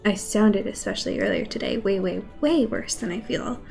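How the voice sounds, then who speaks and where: A woman's voice: mid-range voice, normal speed, vocal fry, a little mellow, soft background music. A woman game streamer with a scratchy voice from a cold, chatting casually and rambling to her viewers. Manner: chatty, rambling, greets chat. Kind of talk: casual chat while gaming.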